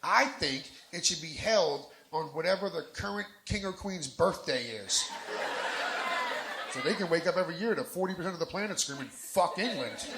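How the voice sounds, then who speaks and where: Brash profane stand-up man in a roomy bar. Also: fairly high pitch. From New Jersey. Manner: brash, profane, punchy crowd work. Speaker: stand-up comedian. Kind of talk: live stand-up set. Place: bar lounge stage in front of a live crowd. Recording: roomy bar with crowd noise.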